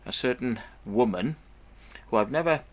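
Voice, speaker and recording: A man's voice: mid-range voice, animated, normal speed. A man telling a long story in a blunt, profane, meandering way to his viewers. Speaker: vlogger. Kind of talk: casual storytelling monologue.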